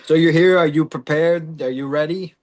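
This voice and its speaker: Loud joking male podcast host. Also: on the high side, fairly even intonation, moderate pace. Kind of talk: comedic podcast banter.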